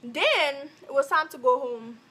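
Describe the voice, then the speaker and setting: Brief: young woman from Africa, high bright voice, animated storytime vlog delivery. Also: a little slow. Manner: animated, acts out every quote. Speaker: vlogger.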